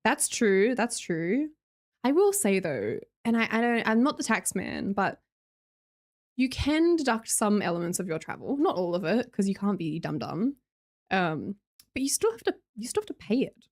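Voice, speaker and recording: A woman's voice: mid-range voice, big pitch swings, normal speed. An Australian woman streamer in casual live-stream chat, reading viewer messages aloud, chatty and laughing often.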